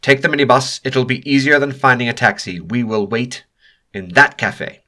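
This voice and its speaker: A man voicing an indignant older male professor who snaps and protests loudly. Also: medium pitch, moderate pace, voice pushed up, close to an everyday voice. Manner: loud, indignant, snappish.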